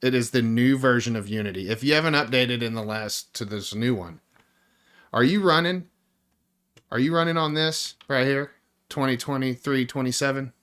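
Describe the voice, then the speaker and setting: A man's voice: medium pitch, normal speed, fairly bright tone, clear, resonant tone. A man developing a game on a live stream, thinking aloud through his code, frustrated and swearing constantly while he talks to viewers.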